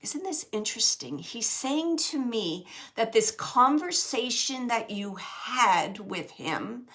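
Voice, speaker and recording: A woman giving a live mediumship reading, halting and searching, with many fillers as she relays messages. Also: high voice, bright, forceful tone. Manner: relays spirit messages to the sitters.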